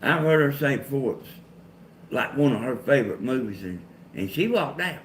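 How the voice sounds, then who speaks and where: A Southern man from Georgia with a country drawl, chatting with his viewers on a live stream. His voice sits at an ordinary middle pitch, plainspoken and laid-back, with a faint hiss behind him. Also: expressive, moderate pace. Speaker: co-host of a live chat stream. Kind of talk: casual chat with viewers.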